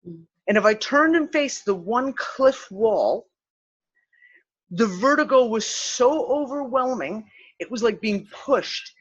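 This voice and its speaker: Speaking slowly in a slightly high voice with a breathy edge, the host of a spiritual discussion show tells a story in casual talk. She swears freely, stays animated, and acts out what people said. The recording has a slightly dull lo-fi quality.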